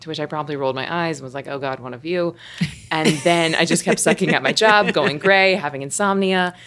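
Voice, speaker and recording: A woman in her forties telling stories in a casual chat as a guest, animated and laughing often. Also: sits low, fairly quick. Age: 40s. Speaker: guest, meditation teacher.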